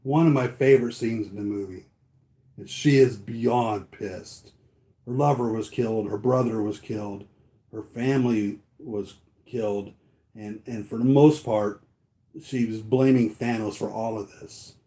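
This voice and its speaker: Man, low voice, mellow tone, casual rambling chat, lots of fillers. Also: measured pace. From United States. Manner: rambling, many fillers and restarts. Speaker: toy collector vlogger.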